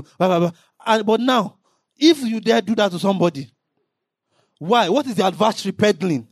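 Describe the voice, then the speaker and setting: A man preaching a sermon in an impassioned way, now and then rising into shouted emphasis. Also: sits high, moderate pace, no echo, studio quality.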